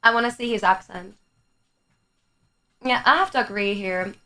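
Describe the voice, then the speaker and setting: A young Greek woman, a native Greek speaker, chats with her live audience on a stream in a mid-range voice with a sharp tone at normal speed. She is talkative, laughs often, and swears casually, with faint music behind her.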